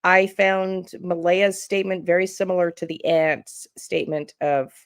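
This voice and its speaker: A woman hosting a true crime channel, chatting casually and reacting out loud to a clip and to her viewers. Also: fairly low pitch, fairly even intonation, moderate pace, smooth, dry recording, clean studio sound. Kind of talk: casual live-stream commentary.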